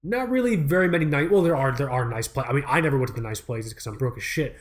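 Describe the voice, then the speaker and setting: A young man in casual chat, loose and excitable, swearing freely as he talks. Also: medium pitch, quick pace.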